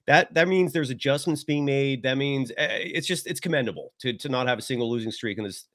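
A man's voice: mid-range voice, a little fast, fairly bright tone. Rambling, enthusiastic podcast guest man. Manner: rambling, restarts often, enthusiastic. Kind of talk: casual sports podcast chat.

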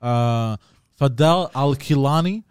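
A man's voice: mid-range voice, slow pace, clean tone, no echo, clean studio sound. A man hesitantly relaying a news story in casual podcast chat, stumbling over words.

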